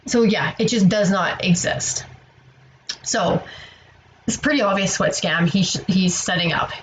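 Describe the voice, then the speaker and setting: A tired woman vlogger tells her story in a rambling, exasperated way and swears freely. Her pitch is mid-range for a woman. A faint hiss of background noise runs under the recording. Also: unhurried, poor audio. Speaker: online seller vlogger. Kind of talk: casual storytelling to camera.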